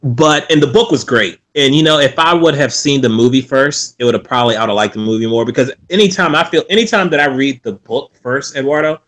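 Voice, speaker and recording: A man guesting on a podcast, chatting about movies in a relaxed, hesitant way. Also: medium pitch, fast, few pauses. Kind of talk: casual film chat.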